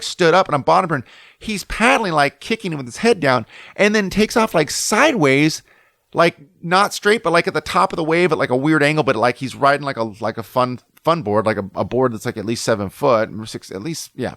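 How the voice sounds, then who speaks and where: A man's voice: mid-range voice, a bit bright, dry recording. A middle-aged man from Southern California hosting a podcast, telling a rambling, profane story in a casual, heated way. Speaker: podcast host.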